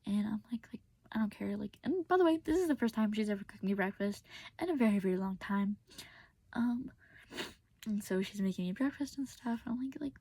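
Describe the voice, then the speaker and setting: A woman's voice: medium pitch, expressive, a little fast, warm tone, husky, no echo. A young woman telling a personal story in a casual, venting way, often dropping to a whisper and close to tears. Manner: casual, venting, many fillers, drops to whispers. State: tearful.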